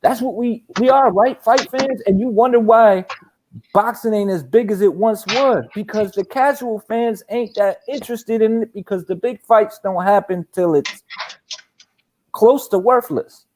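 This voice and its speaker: A man hosting a casual boxing talk show, animated and profane, laughing often as he rants. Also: high-pitched, unhurried, a little hiss or hum. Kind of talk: casual chat.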